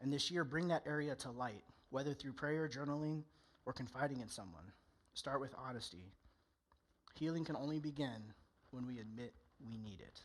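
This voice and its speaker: A man's voice: medium pitch, moderate pace. A male pastor preaching a candid, conversational sermon in church, often acting out people's inner voices.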